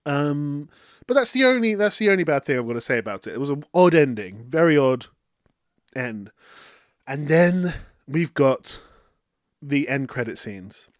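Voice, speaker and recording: A man hosting a casual, chatty movie review, talking excitedly and often saying "like". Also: a little high, moderate pace, long pauses, dry recording, clean studio sound. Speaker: film review host.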